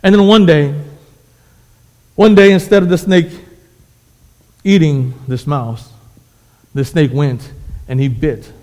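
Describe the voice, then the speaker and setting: A man's voice: a little high, steady tone, takes it slowly, pauses often, a little mellow. A man preaching a sermon, telling a fable with emphatic, repetitive phrasing. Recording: echoey hall.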